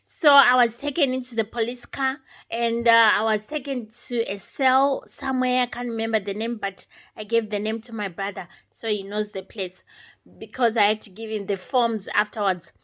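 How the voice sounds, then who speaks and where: A woman with a somewhat high voice shares her personal testimony. She speaks unscripted and halting, going through events one step at a time. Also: steady tone, fairly bright tone.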